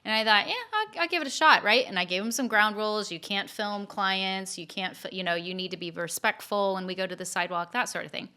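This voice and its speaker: A woman co-hosting a podcast, telling a story in a lively, chatty way with frequent fillers and restarts. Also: medium pitch, a little fast, few pauses, clean tone. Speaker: podcast co-host telling stories. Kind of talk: casual storytelling chat.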